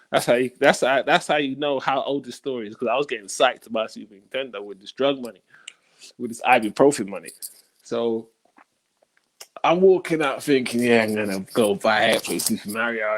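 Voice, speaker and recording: A man performing stand-up comedy, telling a story in a casual, slangy way and often ending lines with "yeah?" or "you know?". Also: medium pitch. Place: comedy gig stage.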